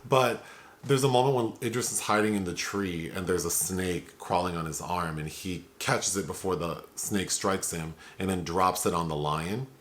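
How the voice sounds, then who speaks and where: A man hosting a casual film review podcast, talking in an easy chatty way with lots of fillers and the odd laugh. His voice sits a little low. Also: moderate pace, fairly bright tone. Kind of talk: casual chat.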